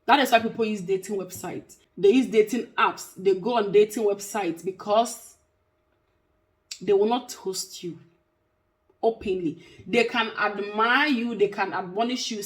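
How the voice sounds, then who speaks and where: A woman's voice: mid-range voice, a little slow. Emphatic woman. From Africa. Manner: emphatic, repeats points for stress. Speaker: vlogger and care worker. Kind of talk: casual talk to camera.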